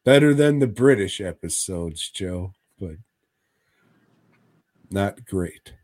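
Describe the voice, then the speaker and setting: A man's voice: deep voice, lively intonation, slow pace, a little mellow, no echo. A man co-hosting a podcast, recapping stories in a crude, rambling, casual way. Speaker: podcast co-host.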